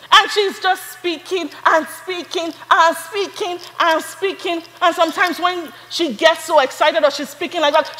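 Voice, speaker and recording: A young adult woman preaching a sermon, building from storytelling to fervent, shouted praise. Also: extremely high pitch, big-room sound, poor audio.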